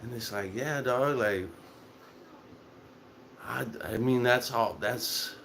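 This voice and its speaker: A man's voice: mid-range voice, takes it slowly, gravelly, slight background noise. A young man telling a casual, profane story and acting out the lines of the people in it. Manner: profane, animated, acts out quotes.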